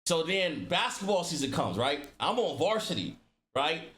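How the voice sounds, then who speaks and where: A young man and streamer telling a casual story to his chat, loose and animated, heavy on slang and filler words, acting out what people said. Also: a little high, normal speed.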